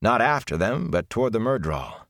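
A man narrating a fantasy novel in a measured, deliberate storytelling manner, recorded on a close mic. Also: lowish voice, big pitch swings, gravelly, a bit bright, dry recording. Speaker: audiobook narrator.

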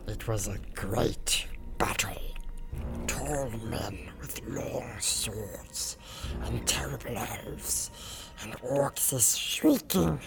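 A man voicing a wretched, sly creature in an audiobook, in a hissing, gravelly whisper that drags out and repeats its words. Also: on the low side, full character voice. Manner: drawn-out, repetitive, cackling. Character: wretched creeping male creature, sly and fearful. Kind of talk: audiobook character voice.

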